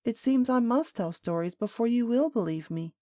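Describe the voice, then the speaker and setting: Woman playing a little princess girl, quiet, composed, dignified, storybook voice. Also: a little high, expressive, normal speed, no room sound, studio quality, pitched above the performer's own voice, lightly acted. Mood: calm dignified.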